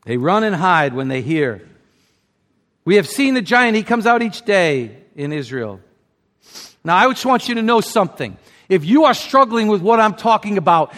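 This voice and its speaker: A male pastor preaches with real passion, his fairly high, fairly bright voice swinging widely in pitch as he climbs to emphatic peaks and then drops nearly to a murmur. He keeps a moderate pace. A long reverb from a large hall hangs on every word.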